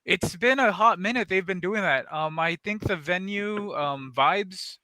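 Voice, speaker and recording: High, bright-voiced man. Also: a little slow, no echo. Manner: loose, profane storytelling with laughs. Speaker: podcast host. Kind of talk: casual podcast chat.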